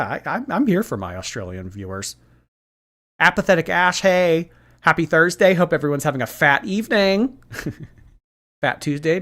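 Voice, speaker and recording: Man, livestream host, gossipy chatter, mid-pitched voice, filler-heavy casual talk. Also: a bit bright. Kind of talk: casual livestream commentary, reading viewer messages.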